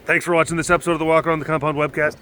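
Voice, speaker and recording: Male vlogger, a bit high-pitched, chatty and rambling, filmed outdoors on a handheld camera with faint noise behind. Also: flat delivery, racing. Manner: chatty, rambling, talks softly to the big cats. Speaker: animal caretaker and vlogger. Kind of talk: casual walking vlog. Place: outdoors at an animal facility in cold weather.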